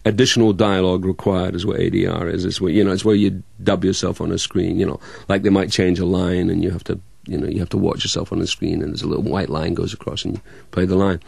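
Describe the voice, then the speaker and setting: An actor from Dundee, Scotland, with a hybrid Scottish, English and American accent chats casually in an interview, halting and restarting often with many fillers. His voice is low, creaky, husky and a little mellow, with little pitch movement and no echo.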